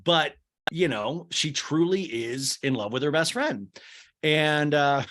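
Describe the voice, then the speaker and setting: A man's voice: fairly high pitch, slow. A man hosting a podcast, recapping reality TV in comedic, joking chat and putting on voices now and then. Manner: animated, joking, slips into voices for the people he describes. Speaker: podcast host.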